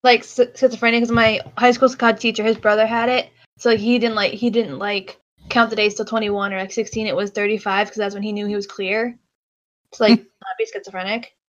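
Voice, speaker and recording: A woman's voice: mid-range voice, little pitch movement, fairly quick, lo-fi sound. A woman chatting casually, with lots of filler words and giggles. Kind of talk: casual chat.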